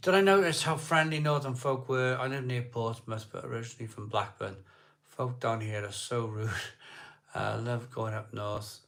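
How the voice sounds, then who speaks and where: A man's voice: medium pitch, moderate pace, gravelly, a bit bright. A middle-aged man from South Wales with a Welsh accent, casually chatting on a live beer-drinking stream and answering viewers' comments in a jokey way.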